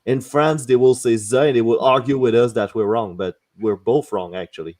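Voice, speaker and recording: A man from Quebec co-hosting a casual podcast in a studio. He talks bluntly and crudely, with strong opinions. His voice sits at an ordinary middle pitch. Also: fairly quick, darkish tone. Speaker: podcast host. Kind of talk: casual chat.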